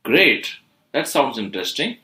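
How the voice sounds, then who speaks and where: A man's voice: medium pitch, very animated, measured pace, pushed and bright, echoey room. A man hosting an English-learning podcast, asking his guest upbeat questions. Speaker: podcast host and institute founder.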